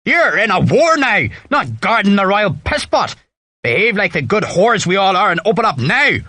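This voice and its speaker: A man voicing a rough, loud Irish army sergeant with a Donegal accent and a gruff bark. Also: lowish voice, fairly quick, no room sound, studio quality. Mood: bellowing.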